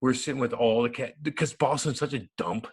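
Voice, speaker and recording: A man, a former hockey enforcer turned radio host, telling a loud, profane, animated story in an interview. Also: medium pitch, a little fast, husky. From United States.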